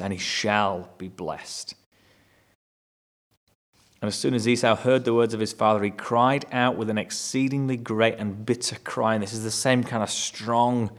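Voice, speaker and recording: A man teaching through a Bible chapter, reading verses aloud and explaining them in a conversational way. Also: lowish voice. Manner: conversational, rereads verses with rising emphasis.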